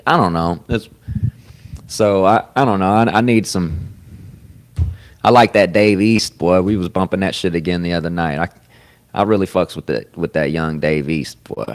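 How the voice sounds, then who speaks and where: Male podcast host, low-pitched, loose profane rambling talk. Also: normal speed. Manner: profane, rambling, swings loud with sudden laughs. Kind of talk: casual chat. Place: comedy club.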